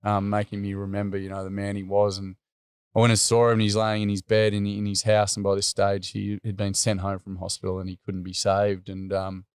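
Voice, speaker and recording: A man's voice: lowish voice, completely flat delivery, fairly quick, clean tone, dry recording, studio quality. A middle-aged Australian man telling a personal story earnestly, with many fillers. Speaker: interview guest.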